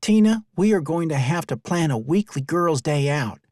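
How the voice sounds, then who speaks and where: A man's voice: on the high side, expressive, moderate pace, darkish tone, no echo, voice pushed up, lightly acted. A man doing Riley, a dry, sassy woman. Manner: dry and teasing.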